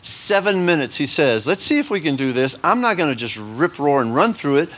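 Speaking briskly, with big pitch swings in a fairly high, fairly bright voice, a man leads a casual Bible lesson for a congregation. He keeps it conversational, tossing in jokes and often stopping to restart, with plenty of fillers.

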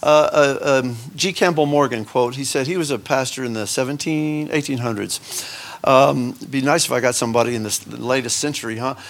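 This man's medium-pitched, creaky voice moves fairly quickly as he teaches a Sunday school lesson to a congregation. He keeps the Bible lesson conversational and casual, with joking asides, plenty of fillers, and frequent restarts.

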